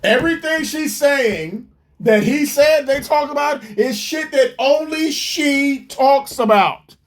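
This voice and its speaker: A commentator tears into a clip in a mocking, incredulous rant full of profanity. The voice sits high and sometimes breaks into shouting. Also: slow. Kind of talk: ranting reaction commentary.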